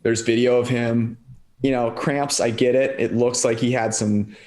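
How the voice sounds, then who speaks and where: A man co-hosting a podcast in relaxed casual chat, asking his partner questions. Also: medium pitch, normal speed. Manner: relaxed, conversational, asks questions. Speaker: podcast co-host.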